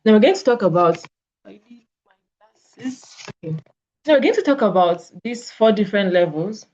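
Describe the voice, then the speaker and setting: A woman with a Nigerian English accent, working as a network marketing coach, walks through sales conversations by acting out each side of example dialogues. Her mid-range, darkish voice has lively intonation at a normal speed, recorded on slightly dull lo-fi audio.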